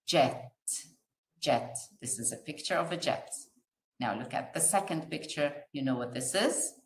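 A woman teaching little children to read, stretching each letter and word very slowly. Her low voice swoops up and down in a lively, sing-song way. The sound carries a roomy echo. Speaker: kindergarten teacher. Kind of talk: classroom phonics lesson.

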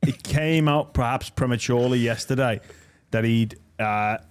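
A man's voice: mid-range voice, moderate pace, clean tone. A man hosting a sports podcast in casual chat, trading dry, joking banter. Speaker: podcast host.

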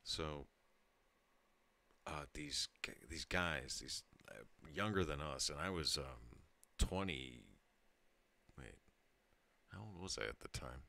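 A man's voice: extremely low pitch, slow, vocal fry, long pauses, sharp tone, no echo. A tipsy man in his thirties telling a rambling story to his channel, laughing and breaking off mid-sentence. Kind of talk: casual storytelling monologue.

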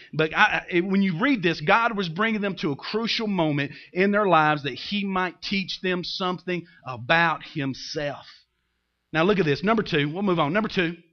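High-voiced, animated male pastor. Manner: animated, conversational preaching with humor and acted-out asides. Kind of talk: sermon. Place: church. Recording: dull lo-fi sermon recording.

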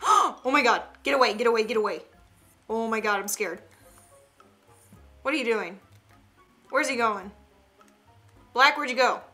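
A young woman, commenting on an online game in a chatty, excitable way with gasps and giggles. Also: a little high. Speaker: gaming streamer. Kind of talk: casual gameplay commentary.

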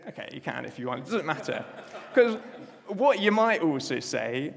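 Chatty preacher in echoing church. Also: male voice, on the high side, big pitch swings, normal speed, creaky. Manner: chatty, self-deprecating asides. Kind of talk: sermon. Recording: echoey church hall.

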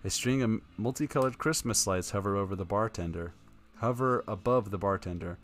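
A man reading a text adventure aloud on a live stream, casual and dry, tossing in wry asides. His voice is very low, and faint music plays in the background. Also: fairly quick.

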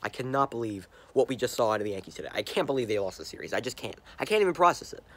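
This young fan vlogger's voice is lowish and racing as he rants angrily to a handheld camera. He keeps repeating himself and fumbling his words.

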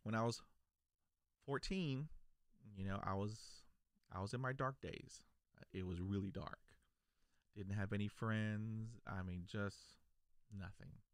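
A man's voice: on the low side, slow pace, long pauses, no room sound, studio quality. A man from South Texas who stutters, telling his own story to camera in an earnest, reflective way. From South Texas, USA. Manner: stutters, with repeated words and broken starts. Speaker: video creator.

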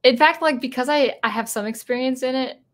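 This woman's voice is high and a bit bright, and she talks briskly. Hosting a relaxed live stream, she rambles with frequent restarts and self-corrections, reading viewer comments out loud.

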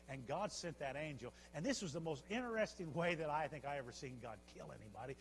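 A man pastor preaching a sermon, telling the story with animated repetitions. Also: a little high, fast talker, few pauses, a little hiss or hum. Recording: long church hall reverb.

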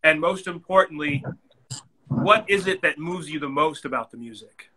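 A man's voice: a little high, lively intonation, moderate pace, bright, forceful tone, rough recording. A man hosting a podcast interview, asking earnest, reflective questions. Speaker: podcast host.

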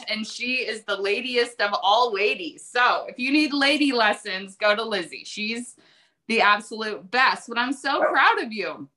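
Female guest trainer, high and bright, chatty and playful. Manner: bubbly, animated, chatty. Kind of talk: casual chat.

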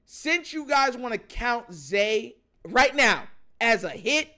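A man hosting a sports show, ranting in animated, filler-heavy commentary about his team. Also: extremely high pitch, slow. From Jamaican family.

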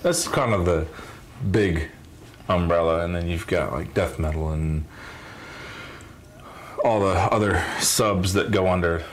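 Man explaining casually, low voice. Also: a little slow, pauses often, slight background noise. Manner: relaxed, explaining with fillers. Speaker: reaction video host. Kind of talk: casual chat.

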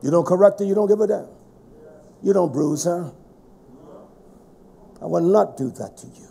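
A middle-aged man preaching a fiery sermon, swinging between shouts and hushed, low passages. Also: normal speed, vocal fry, husky.

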